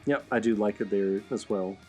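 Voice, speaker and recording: A man hosting a podcast in relaxed, conversational chat. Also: on the low side, normal speed, soft background music. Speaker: podcast host. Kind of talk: casual chat.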